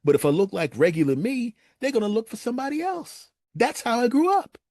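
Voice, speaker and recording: Give me an animated man telling a funny personal story, recorded dry. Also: a little fast, no echo. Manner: animated, acts out friends' lines in raised pitch.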